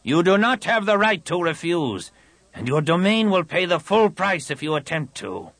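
A man's voice: high-pitched, very animated, moderate pace, fairly bright tone, no room sound, voice pushed up, full character voice. A man voicing a cold, haughty alien military commander in an audiobook. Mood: commanding.

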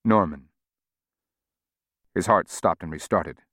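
A man reading a novel aloud in a measured, steady audiobook narration. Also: deep voice, no room sound, clean studio sound.

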